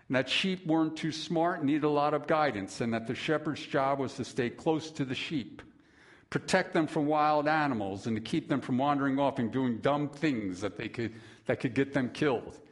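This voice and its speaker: A male pastor delivering a sermon at an unhurried, deliberate pace. He leans on long pauses and lets his stories build with lively, dramatic turns. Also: medium pitch. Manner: slow, measured preaching with dramatic pauses and lively storytelling.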